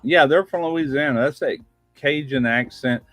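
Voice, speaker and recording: A man's voice: on the high side, normal speed, a bit bright, dry recording, soft background music. A man hosting a casual live-stream chat, rambling in a folksy, plain-spoken way. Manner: rambling, folksy, drops "ain't". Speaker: host. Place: home studio live stream.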